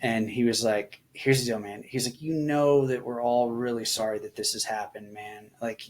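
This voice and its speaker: A man's voice: mid-range voice, darkish tone. A middle-aged man, a veteran guest on a podcast, telling personal stories candidly and reflectively, with lots of filler words and small voice shifts when he quotes people. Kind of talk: personal storytelling in a casual conversation.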